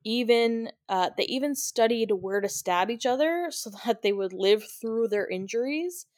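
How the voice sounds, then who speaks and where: Giggly and chatty, a young woman co-hosts a podcast and breezes through a film recap, full of "like" fillers. Her slightly high, somewhat mellow voice has lively intonation at normal speed, in a dry, clean studio recording.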